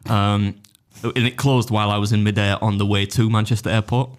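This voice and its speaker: A man's voice: on the low side, steady tone, a little fast. A man telling a story in casual podcast chat, rambling and self-deprecating, with plenty of swearing. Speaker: podcast guest, food challenge YouTuber.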